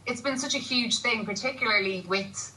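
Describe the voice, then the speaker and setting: Bright-voiced chatty actress. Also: female voice, fairly high pitch, moderate pace, far from the mic, poor audio. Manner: chatty, laughing often, rambling with restarts. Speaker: actress guest. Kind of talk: casual TV chat. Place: TV studio.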